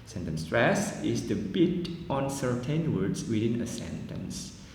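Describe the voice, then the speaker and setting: A man whose first language is Indonesian, giving a pronunciation lecture in English, explaining slowly and deliberately with asides like "well, everyone". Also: medium pitch, sing-song, vocal fry, a little mellow. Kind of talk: recorded classroom lecture. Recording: echoey long-reverb room, faint noise.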